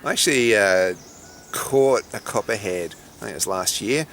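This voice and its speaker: Middle-aged aussie bloke, snake handler chatting away, very lively up and down voice, faint noise behind. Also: male voice, lowish voice, normal speed. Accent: Australian. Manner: chatty, dry and animated. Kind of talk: casual vlog commentary.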